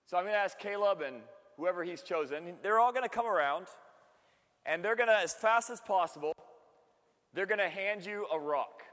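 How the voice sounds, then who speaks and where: A high-pitched man gives a loose, chatty sermon, cracking jokes and laughing as he talks to the room. His voice rings out through a large hall with a long, lingering reverb. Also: animated, normal speed, a bit bright. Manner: chatty and joking, laughs often. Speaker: preacher. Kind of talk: casual sermon to a youth group.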